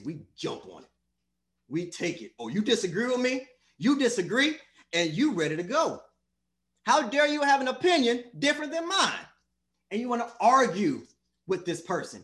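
A male preacher delivers a sermon with emphatic, repetitive phrasing. He speaks straight at the congregation. His voice is high and lively, ranging widely in pitch.

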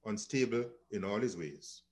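A man reading Bible verses aloud in a steady, measured way during a church study. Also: lowish voice. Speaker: scripture reader in a church.

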